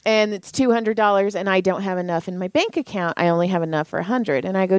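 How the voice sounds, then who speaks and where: A woman's voice: mid-range voice, fast talker, few pauses, smooth, no room sound. A middle-aged woman co-hosting a podcast, telling a family story in a chatty, profane way and acting out the dialogue. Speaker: podcast co-host. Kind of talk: casual chat.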